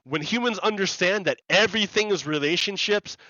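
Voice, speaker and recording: Bright, high-voiced rambling male streamer. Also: brisk, dry recording, highs cut off. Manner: rambling, repeats words and restarts, laughs often. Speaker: live streamer. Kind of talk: casual live-stream chat while playing a game.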